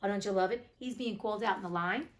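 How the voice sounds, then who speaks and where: A woman's voice: mid-range voice, fast talker, poor audio. A woman hosting a fairy tale reading, narrating and breaking off for blunt, chatty asides with some swearing. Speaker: reader and host.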